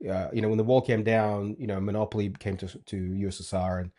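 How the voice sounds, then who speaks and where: Fast-talking man. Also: on the low side, level tone, dark tone. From Moldova. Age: 40s. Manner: rambling, many fillers and restarts. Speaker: guest entrepreneur. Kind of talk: casual interview chat.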